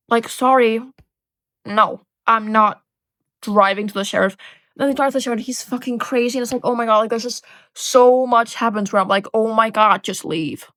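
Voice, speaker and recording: A young woman vlogging in casual chat, animated and sarcastic, swearing a lot and tagging lines with "like" and "right?". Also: on the high side, dry recording. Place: bedroom.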